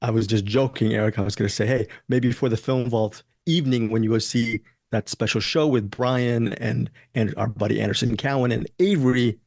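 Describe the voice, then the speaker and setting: A man's voice: medium pitch, steady tone, brisk, vocal fry, few pauses, a little mellow, no echo, clean studio sound. A man hosting a movie podcast in casual, rambling chat, joking and laughing often. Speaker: podcast host.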